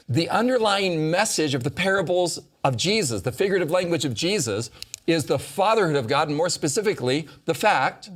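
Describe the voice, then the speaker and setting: A man hosting a Bible discussion, teaching with emphatic stress as he quotes scripture. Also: a little high. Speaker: host leading a Bible study discussion. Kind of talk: animated teaching in a round-table talk.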